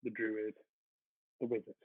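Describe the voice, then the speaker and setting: A man speaking as a guest in a casual interview, relaxed and hesitant, pausing often to search for words. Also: on the low side, breathy edge. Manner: relaxed, hesitant, many fillers. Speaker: comic artist guest. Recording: tinny call-in line.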